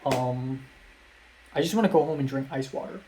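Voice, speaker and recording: A man's voice: medium pitch, normal speed, warm tone, slight background noise. A young man from Hong Kong telling a rambling, self-deprecating vlog story full of ums and repeated phrases. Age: young adult. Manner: self-deprecating, laughs at himself. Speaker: vlogger.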